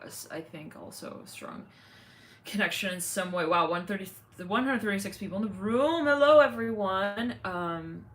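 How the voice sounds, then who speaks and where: A woman's voice: deep voice, a bit bright, slight background noise. A woman hosting a casual livestream, chatting in a rambling way with many fillers, thanking viewers. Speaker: livestream host.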